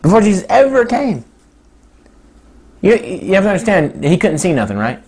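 A man in his thirties preaching a sermon, animated and laughing often, jumping to high excited tones. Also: moderate pace, breathy edge.

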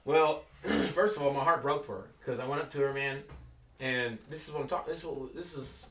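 Male Christian teacher, bright and lively storyteller, echoey room. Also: mid-range voice, normal speed, recorded from a distance. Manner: animated, acts out quoted voices. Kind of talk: casual storytelling talk.

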